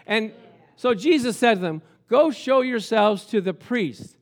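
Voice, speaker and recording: A male pastor preaching a sermon, animated and storytelling, at times shouting. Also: high-pitched, a little slow.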